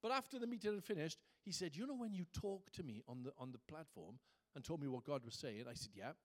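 A man's voice: on the high side, fast talker. A man preaching a sermon as pastor, conversational at times and rising to fervent emphasis.

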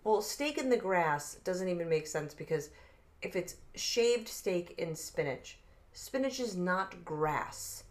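A woman's voice: lowish voice, animated, takes it slowly. Opinionated woman podcast co-host. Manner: argumentative, emphatic, swears freely. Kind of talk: casual podcast banter.

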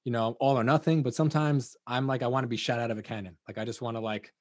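A man's voice: medium pitch, fairly even intonation, fast talker, darkish tone, no room sound. Casting: man podcast host, rambling and hesitant, dry close sound. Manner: rambling, hesitant, many fillers. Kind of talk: casual chat.

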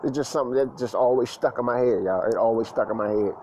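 A man's voice: medium pitch, quick pace, mellow, a little hiss or hum, poor audio. A grown man telling stories in a casual monologue, with loose slangy talk full of fillers and repeats. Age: adult, past school age.

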